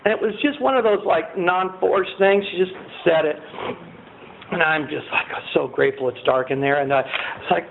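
A man's voice: fairly high pitch, normal speed, vocal fry. A middle-aged man giving a rambling personal testimony to a group, full of fillers and acted-out quotes. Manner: rambling, many fillers, acts out quotes in a raised voice. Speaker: speaker sharing his recovery story. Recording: tinny phone-like sound with faint noise.

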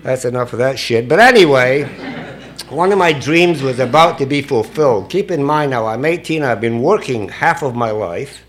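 A Scottish man tells his story to a recovery meeting, cursing freely and laughing at his own misadventures. His voice sits at an ordinary middle pitch. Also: expressive, moderate pace, fairly bright tone. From Scotland. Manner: profane, joking, chuckling at his own stories. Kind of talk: confessional storytelling to an audience.

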